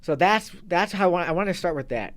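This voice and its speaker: A man's voice: high-pitched, animated, quick pace. Rambling male fitness coach. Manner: loose, rambling, restarts mid-sentence. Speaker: guest, fitness and kettlebell coach. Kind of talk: casual interview talk.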